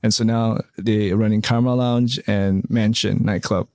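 A man's voice: lowish voice, fairly even intonation, a little slow, a little mellow, dry recording, studio quality. A man being interviewed in a casual chat, rambling with many fillers and tag questions. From Canada. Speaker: interview guest, hotel developer.

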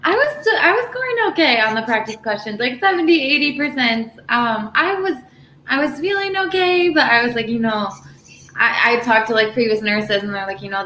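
A young woman chats as a nurse guest, her stories tumbling out full of fillers. Her voice sits a bit high and bright. The room around her rings with echo. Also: brisk, slight background noise. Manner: chatty, filler-heavy, animated storytelling. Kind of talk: casual podcast chat. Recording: roomy echo.

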